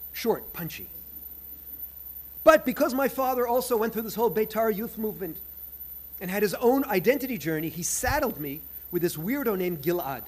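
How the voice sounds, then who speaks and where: Older New York professor, husky, pitched a bit high, wry and animated storyteller at a podium. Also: male voice. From United States. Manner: animated, humorous, wry asides. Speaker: professor and conference speaker. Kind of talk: storytelling lecture.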